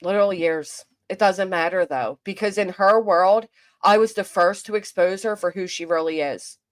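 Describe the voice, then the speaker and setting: A woman's voice: medium pitch, normal speed. A woman hosting a commentary livestream, venting in an exasperated, rambling way with frequent restarts and reading chat aloud. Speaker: commentary channel host.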